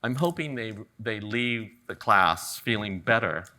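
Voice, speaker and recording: A middle-aged man from California giving a live flower-arranging demonstration, talking in a relaxed, joking way. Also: on the low side, measured pace. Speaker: ikebana demonstrator. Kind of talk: live floral demonstration talk. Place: garden event venue with audience.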